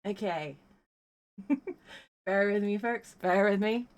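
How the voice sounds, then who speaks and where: A woman's voice: medium pitch, slow. Giggly, tearful woman streamer. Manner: giggly, emotional, talks softly. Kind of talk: live-stream chat.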